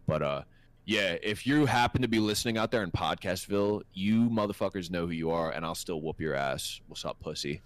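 A man's voice: low voice, lively intonation, brisk, no room sound. A man co-hosting a podcast, telling stories in a laid-back, profane, casual way. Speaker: podcast co-host. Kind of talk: casual storytelling chat.

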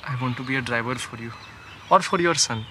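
A man's voice: mid-range voice, fairly quick, sharp tone, a little hiss or hum, close to an everyday voice. An actor playing a humble young male villager earnestly pleading for work as a driver, in film dialogue.

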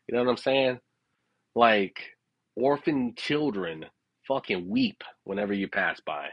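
A man's voice: medium pitch, big pitch swings, unhurried, gravelly, dry recording, highs cut off. A man telling a rambling personal story in a casual, profane way. He keeps checking in with his listeners and laughs at his own tale. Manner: rambling, profane, frequent "you know what I'm saying".

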